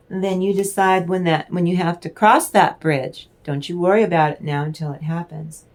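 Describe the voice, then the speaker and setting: A woman giving a casual spiritual tarot reading, rambling and affectionate, stopping now and then to clear her throat. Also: lowish voice. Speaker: tarot reader.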